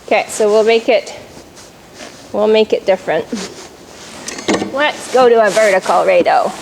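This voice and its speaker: A woman's voice: mid-range voice, measured pace, creaky, noisy background. A woman riding instructor coaching a jumping lesson, calling out cues and explaining in an encouraging, instructive way.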